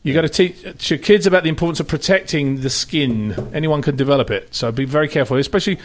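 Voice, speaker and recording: A man's voice: on the high side, quick pace, a little hiss or hum. A man hosting a radio talk show in a studio, chatting casually, laughing often and restarting his sentences.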